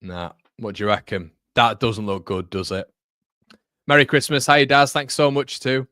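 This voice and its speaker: A young man hosting a live football watchalong, chatty and excitable, jumping from loud outbursts to muttering. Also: mid-range voice, moderate pace, smooth, no echo, studio quality. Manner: excitable, chatty, swings between shouting and muttering. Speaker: watchalong host. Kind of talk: live match watchalong commentary.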